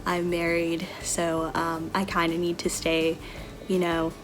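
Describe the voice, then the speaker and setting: A woman's voice: on the low side, completely flat delivery, measured pace, music in the background. A woman in her twenties chatting casually to camera in a get-to-know-me vlog, bubbly and giggly, rambling from topic to topic. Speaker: vlogger. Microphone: camera mic, talking to camera.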